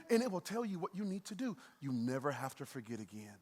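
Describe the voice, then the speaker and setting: A man preaches a sermon with a fairly high voice, loose and conversational, joking with his congregation between points. His voice rings out with a long reverb in a large church auditorium. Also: quick pace, breathy edge. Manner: lively, conversational preaching with playful asides to the crowd. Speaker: pastor.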